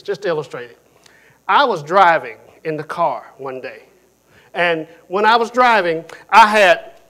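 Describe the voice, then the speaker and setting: A man preaching a sermon, telling stories in an animated way and often repeating himself, moving between loud, emphatic phrases and quiet ones. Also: sits high.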